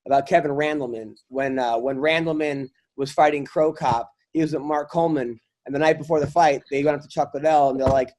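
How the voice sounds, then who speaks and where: A man's voice: on the high side, steady tone, brisk, hardly any pauses, a little mellow. A man, a guest comedian, chatting casually on a podcast and telling rambling stories full of fillers. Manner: rambling storyteller, filler-heavy.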